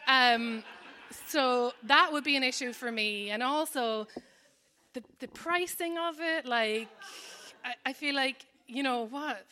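A woman's voice: high-pitched, slow pace, pushed and bright. A woman in her thirties with an Irish accent, telling a rambling, self-deprecating stand-up story full of fillers and asides. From Ireland. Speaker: comedian. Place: New York.

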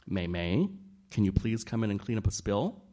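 A calm, devout wealthy woman, voiced by a man who speaks low and unhurried. Her prayer is steady and composed.

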